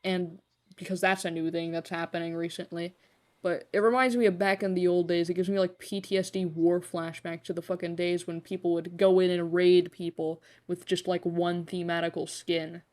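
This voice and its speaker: A woman's voice: on the low side, flat delivery, moderate pace, darkish tone. A young woman live-streaming a game, chatting casually in a rambling way, full of fillers, freely swearing and poking fun at herself. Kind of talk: casual live-stream chat while gaming.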